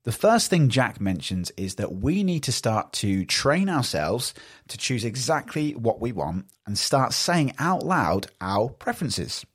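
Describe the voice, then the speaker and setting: A man, hosting a podcast in a chatty, animated way. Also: medium pitch, unhurried, breathy edge. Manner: chatty and animated, acts out little quoted exchanges. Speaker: podcast host. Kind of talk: casual solo podcast talk.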